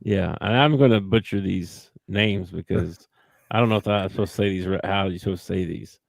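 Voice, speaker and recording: A man's voice: low-pitched, brisk, gravelly, no echo. A man co-hosting a sports podcast, talking in an easygoing, chuckling casual way. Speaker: podcast co-host. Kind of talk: casual chat.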